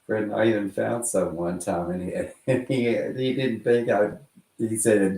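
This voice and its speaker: A man's voice: mid-range voice, unhurried, a little mellow. A man with a West Texas accent telling stories in a casual, rambling way, swearing freely and chuckling as he goes. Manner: profane, chuckling storyteller. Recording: roomy echo.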